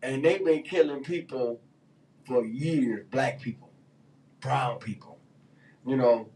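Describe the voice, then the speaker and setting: A man's voice: mid-range voice, slow, warm tone, far from the mic, low-quality recording. Heated slangy man ranting on the radio. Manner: loose, heated, slangy rants with many fillers. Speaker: radio talk show host. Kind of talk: casual opinion talk.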